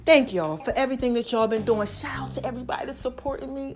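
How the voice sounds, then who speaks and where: A woman's voice: a little high, fast talker, loud music behind the voice. A woman hosting her own podcast in casual, chatty talk, out of breath and sighing between phrases, calling her listeners baby. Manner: lively, chatty, calls listeners baby and y'all. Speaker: podcast host.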